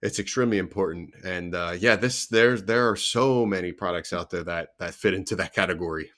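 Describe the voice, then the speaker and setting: Low-voiced man hosting emphatically. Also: brisk, a bit bright. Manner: emphatic, argues by repeating questions. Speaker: podcast host. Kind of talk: casual interview chat.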